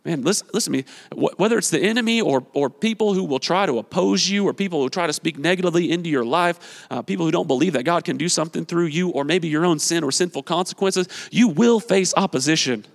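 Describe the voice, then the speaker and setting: Pastor, male, high voice, exhorting and animated, echoing church sanctuary. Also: fast talker, gravelly, few pauses. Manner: energetic, exhorting, repeats phrases, acts out quotes. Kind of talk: sermon. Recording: long reverb of a large hall.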